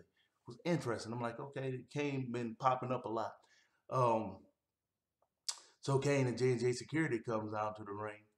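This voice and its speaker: Easygoing man recapping wrestling, roomy echo. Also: mid-range voice. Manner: rambling, easygoing, with frequent fillers. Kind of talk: casual recap vlog.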